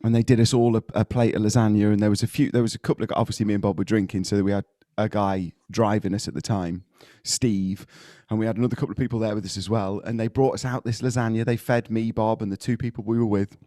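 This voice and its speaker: A man's voice: on the low side, steady tone, fast, few pauses, mellow, no room sound. Brief: male podcast co-host, laughing storyteller, dry booth sound. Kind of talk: casual chat.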